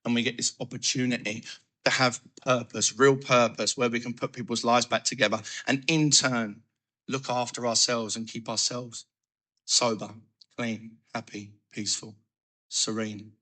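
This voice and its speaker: A man giving a personal recovery testimony, telling his story in an animated way and acting out his own thoughts. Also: mid-range voice, normal speed. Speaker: recovery speaker.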